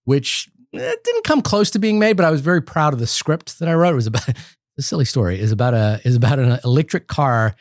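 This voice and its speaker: A man's voice: medium pitch, sing-song, brisk, no room sound, clean studio sound. A man co-hosting a film podcast, talking in a rambling, enthusiastic way with many restarts. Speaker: podcast co-host. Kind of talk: casual film discussion.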